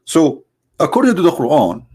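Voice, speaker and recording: This Middle Eastern man, speaking with an Arabic accent, hosts a live stream with a mocking, dramatic sarcastic monologue that jumps from high exclamations to low asides. His pitch swoops wildly at normal speed, and his voice is mellow and husky.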